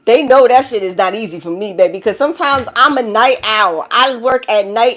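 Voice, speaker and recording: Woman, New York accent, tarot reader, blunt, cussing, preachy, somewhat high voice. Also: a little fast, few pauses, fairly bright tone. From the Bronx, New York. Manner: blunt and profane, laughing through the talk; preachy, addresses viewers as child and baby. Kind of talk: collective tarot reading.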